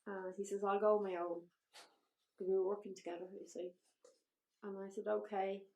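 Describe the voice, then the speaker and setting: Speaking at a moderate pace in a level, dark-toned, medium-pitched voice, an Irish woman shares her own story as a podcast interview guest. She is blunt and emotional, swears frankly, and the recording is reverberant.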